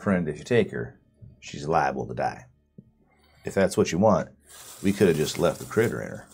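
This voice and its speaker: Man doing a gruff rustic swamp-dweller, rural drawl, deep husky voice, lively swings in pitch. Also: normal speed, faint music behind, exaggerated voice. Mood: stern, folksy. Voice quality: rustic drawl with country words.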